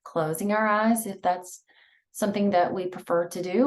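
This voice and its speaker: A woman leading a guided breathing and visualization exercise, talking softly and soothingly with many pauses. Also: mid-range voice. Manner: slow, soft, soothing guidance with many pauses. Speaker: mindfulness instructor.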